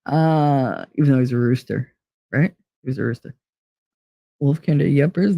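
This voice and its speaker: A woman's voice: low voice, moderate pace, vocal fry, long pauses, mellow, no room sound, clean studio sound. A woman in her forties hosting a casual live-chat show, chatty and teasing, laughing often as she reads comments. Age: 40s. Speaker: host.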